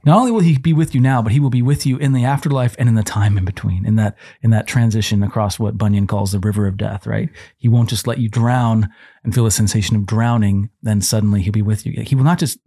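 A man's voice: on the low side, fairly even intonation, fast, mellow, slightly rough, no room sound, studio quality. A man co-hosting a Christian parenting podcast, explaining Bible passages in a conversational teaching way, with frequent restarts. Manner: explanatory, quotes scripture, many restarts.

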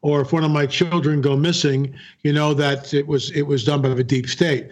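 A man who is a guest filmmaker tells a story in an interview, his fairly high voice level in tone and at normal speed. He's earnest, repeats key phrases, and acts out the dialogue he quotes.

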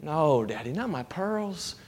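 Sermon illustration: a soft-spoken little girl begging to keep her treasure, voiced by a man. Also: on the high side, very animated, takes it slowly, slightly rough, heavily acted. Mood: pleading. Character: little girl, pleading and devoted to her father.

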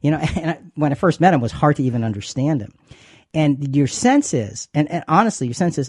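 A man's voice: on the high side, lively intonation, a little fast, a little mellow, breathy edge, dry recording, clean studio sound. A man co-hosting a faith talk show, chatty and given to repeating words as he explains. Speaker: co-host.

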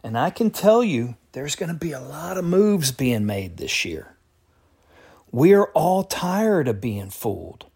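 A man's voice: fairly high pitch, slightly rough. A man giving casual, opinionated political commentary to his viewers in a folksy, slangy way.

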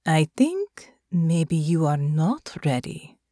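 A woman voicing a big, strong female guard, speaking in a low, sultry, teasing purr. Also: animated, slow pace, mellow, husky, no room sound, studio quality, full character voice.

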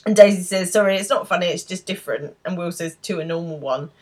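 A woman's voice: on the low side, quick pace. A woman co-hosting a podcast, chatting casually as she recaps a TV episode and quotes its lines. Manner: retells scenes with quoted lines, laughs often. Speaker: podcast co-host.

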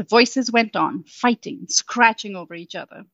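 Woman storyteller, mid pitch, calm reading, dry and slightly muffled sound. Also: normal speed, hardly any pauses, no echo. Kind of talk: storybook narration.

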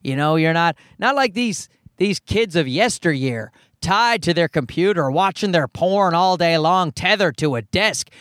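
A middle-aged man from Canada rants casually to his viewers in a slightly higher-than-usual voice. He swears freely and slips into mocking voices. The recording is dry and close, with no room sound. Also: expressive, measured pace, few pauses, fairly bright tone, no room sound. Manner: sarcastic, profane, mock voices for quotes. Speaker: vlogger. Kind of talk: casual ranting monologue.

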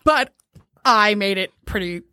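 A woman telling a funny dating story in casual chat, animated and laughing often as she acts out what was said. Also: mid-range voice, a little slow, dry recording, clean studio sound.

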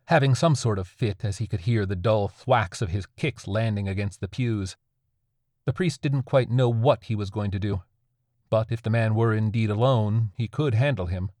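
A man narrating a dark horror story in a steady, measured way. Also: fairly low pitch, dry recording, clean studio sound.

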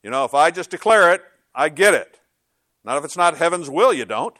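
A man preaching a sermon in a relaxed, conversational tone that turns emphatic on key points. His voice sits a little high for a man, and he keeps asking the congregation rhetorical questions. The sound is close and dry. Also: brisk, no echo. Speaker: pastor.

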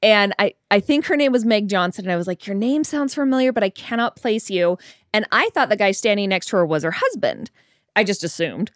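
A woman chatting casually and telling a story, acting out quoted dialogue in a higher voice. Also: lively intonation, a little fast, no echo, clean studio sound.

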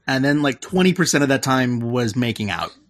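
A man in casual podcast chat, recapping a movie scene by scene. His voice sits in an ordinary middle pitch, and he rambles, slipping into the characters' quoted lines as he goes. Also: lively intonation, fairly quick, no echo, studio quality. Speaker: podcast co-host.

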